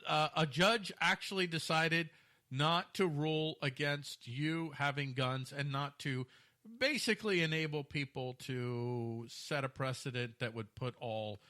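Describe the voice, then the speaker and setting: A man's voice: a little high, measured pace, pushed and bright. A man co-hosting a casual talk show, joking and teasing while stumbling through read-aloud news. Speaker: co-host. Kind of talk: casual podcast banter.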